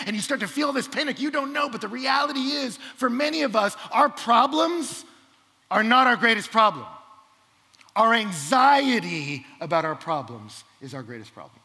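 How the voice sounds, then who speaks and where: A man preaching a sermon, telling a personal story animatedly and swinging between loud bursts and hushed asides. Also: sits high, sing-song, normal speed. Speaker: pastor. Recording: long hall reverb.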